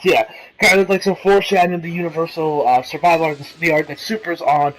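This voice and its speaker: A slightly high-voiced man talks through an anime episode in a loose, rambling recap. He fills it with "you know" and "um" and laughs often. He slips into quick impressions of the characters as he goes. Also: fairly even intonation, faint music behind, low-quality recording. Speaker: anime reviewer.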